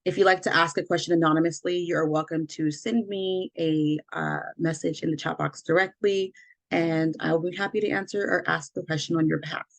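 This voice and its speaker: A woman hosts an online workshop over a video call, reading the opening and housekeeping notes. Her voice sits a little low, and she talks in a careful, measured way with small self-corrections. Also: fairly even intonation, creaky. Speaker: community engagement manager, workshop host.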